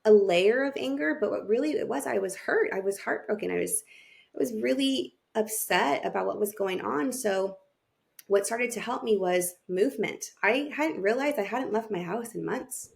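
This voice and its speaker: A somewhat high, creaky-voiced woman who works as a family therapist speaks as a podcast guest. She tells her own story candidly and with feeling, acting out the thoughts she had back then.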